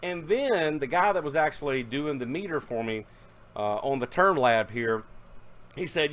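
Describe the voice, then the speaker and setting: This male car audio enthusiast talks at a normal speed in a slightly high voice. He rambles casually through his hobby video, dropping fillers and fixing his own wording.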